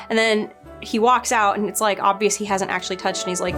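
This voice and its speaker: A woman's voice: medium pitch, flat delivery, fairly quick, over music. A woman casually recapping and nitpicking a TV episode, chatty and exasperated, laughing now and then. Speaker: show reviewer.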